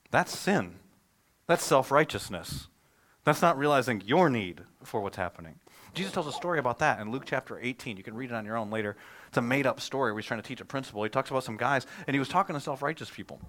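A man, a pastor, preaching a sermon in a conversational, animated way, telling stories and asking rhetorical questions. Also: medium pitch, fast.

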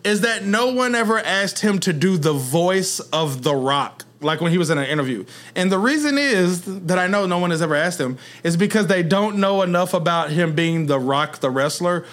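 A man co-hosting a podcast in casual chat, telling stories in a relaxed way and laughing often. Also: high-pitched, normal speed, hardly any pauses. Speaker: podcast co-host.

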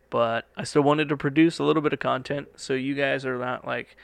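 A man's voice: mid-range voice, steady tone, moderate pace, creaky, few pauses, no echo. A young man hosting a podcast from a studio, rambling casually and swearing now and then. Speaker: podcast host. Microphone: studio microphone.

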